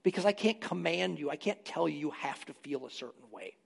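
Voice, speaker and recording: Gravelly, high-pitched man preaching. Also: expressive, fairly quick. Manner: emphatic preaching, rising loud on key phrases. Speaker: pastor. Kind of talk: sermon. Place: church.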